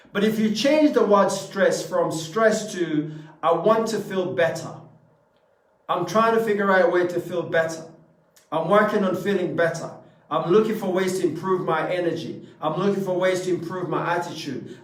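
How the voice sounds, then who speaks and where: A man giving a motivational talk to a live audience. He is emphatic, repeats phrases and keeps asking the listeners questions. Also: high-pitched. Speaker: motivational speaker. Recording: echoey room from a distance.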